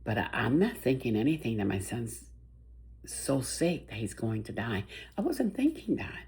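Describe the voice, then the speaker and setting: An older woman telling a personal story about her son's illness in a soft, halting, emotional way, with many restarts. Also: extremely low pitch, lively intonation. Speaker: bereaved mother.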